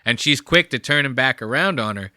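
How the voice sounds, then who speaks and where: A young man talks over video clips in loose, rambling commentary full of swearing, and he sounds a bit high. His voice is bright and sits at a middle pitch. The mic is close and the sound is dry. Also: expressive, brisk, no room sound. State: high on marijuana. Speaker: reaction video host. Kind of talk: casual reaction commentary.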